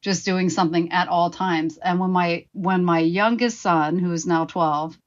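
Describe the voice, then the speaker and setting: A woman's voice: fairly low pitch, fairly even intonation, a little slow, muffled recording. A woman in her forties, a guest telling her own story frankly and with swearing, acting out her past remarks. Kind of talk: candid personal storytelling.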